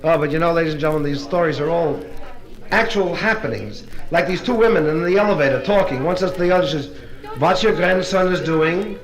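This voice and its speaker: A male comedian doing live stand-up at a private party, rattling briskly through joke after joke. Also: a little high, low-quality recording.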